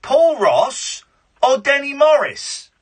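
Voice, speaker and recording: A man's voice: very high voice, sing-song, slow pace. Sarcastic man hosting radio. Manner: combative, sarcastic, mocking. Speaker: radio phone-in host. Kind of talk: live radio phone-in argument.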